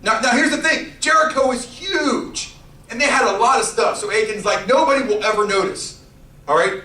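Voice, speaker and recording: A man giving a youth sermon, telling a story in an animated, playful way with character voices. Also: very high-pitched, moderate pace, roomy sound, far from the mic, rough recording. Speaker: youth pastor.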